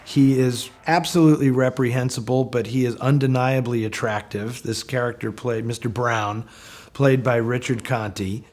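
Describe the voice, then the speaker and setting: Guy talking old movies in an interview, animated, does the voices. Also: medium pitch, moderate pace. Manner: animated storyteller, acts out quotes. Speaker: film historian. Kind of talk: documentary interview.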